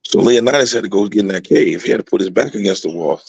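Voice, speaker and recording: A man who coaches high school football, telling motivational stories in a radio interview with emphatic repeats. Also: fast, darkish tone, slightly rough, dull audio.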